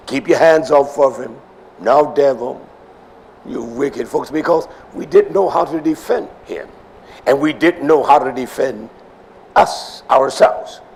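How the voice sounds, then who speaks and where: An older man preaching a sermon, swinging from loud emphasis down to near whispers. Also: mid-range voice, gravelly, breathy edge, low-quality recording.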